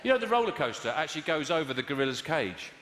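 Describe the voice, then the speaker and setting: A man doing improvised stand-up comedy from audience suggestions, mixing deadpan asides with sudden loud bursts. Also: on the high side, quick pace. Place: large theatre with audience. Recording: echoey live hall, loud noise.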